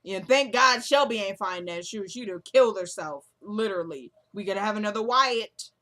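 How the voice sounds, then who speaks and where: Casting: a woman with a chatty, slangy tone, recapping an episode at a relaxed, casual pace. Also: mid-range voice. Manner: chatty, slangy, quick-cutting asides.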